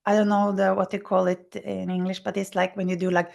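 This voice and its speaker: A woman being interviewed, telling her recovery story in animated, halting, non-native English, acting out what people said. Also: medium pitch, gravelly. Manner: animated storyteller who acts out quoted speech. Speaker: interview guest. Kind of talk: personal recovery story told in conversation.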